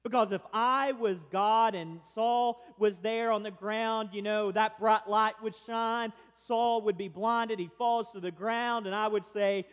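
A man preaching a sermon, shifting between loud emphatic lines and quiet, hushed ones. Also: sits high, steady tone, unhurried, big-room sound. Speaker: pastor.

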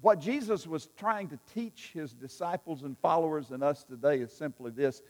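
Male pastor, folksy storyteller with a slightly high voice, many fillers, preaching in a reverberant church. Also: moderate pace, hardly any pauses. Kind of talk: sermon. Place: church sanctuary.

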